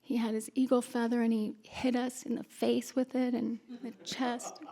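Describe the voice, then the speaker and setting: Woman speaker at a retreat, fairly high voice with some vocal fry, tells personal stories candidly and laughs at herself. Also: little pitch movement, moderate pace, dark tone. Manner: candid, self-mocking storyteller with frequent laughs and fillers. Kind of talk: personal talk to an audience. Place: retreat conference hall.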